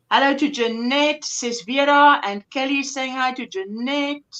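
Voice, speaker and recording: A woman's voice: on the high side, fairly bright tone. A woman from South Africa hosting a casual livestream at home, chatting and greeting viewers by name. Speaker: livestream host. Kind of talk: casual chat reading out viewer comments.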